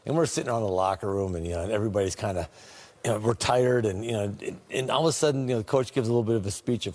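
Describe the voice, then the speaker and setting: A man's voice: medium pitch, fast talker, darkish tone. A man retelling old stories from his playing days, laughing often and slipping into quoted voices. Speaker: former teammate telling stories. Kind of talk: casual storytelling on a talk show.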